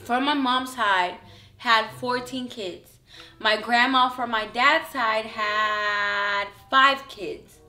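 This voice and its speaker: Sassy high bright Spanish-accented woman. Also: slow pace. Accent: Spanish-accented English. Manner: sassy, laughing, switches into Spanish. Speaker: vlogger co-host. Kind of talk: casual couple reaction chat.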